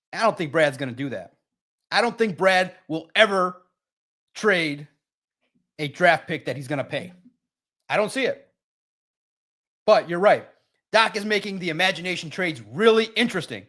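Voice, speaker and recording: A man's voice: on the high side, animated, moderate pace, pauses often, a bit bright. A man hosting a live sports stream, talking casually and with energy straight to his chat viewers. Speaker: sports livestream host.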